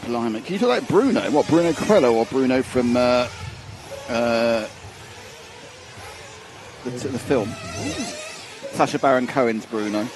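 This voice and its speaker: Lively joking British man. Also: mid-range voice, unhurried, long pauses, a little hiss or hum. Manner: chatty, joking, laughs often. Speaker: livestream co-host. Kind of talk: casual commentary chat. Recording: music playing under the voices.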